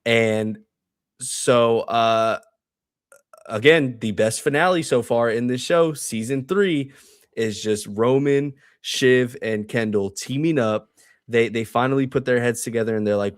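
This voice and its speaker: A man co-hosting a podcast, excitedly recapping a TV show in casual, profane chat. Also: mid-range voice, no room sound, studio quality. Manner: excited, profane, quotes characters in quick asides. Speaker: podcast co-host.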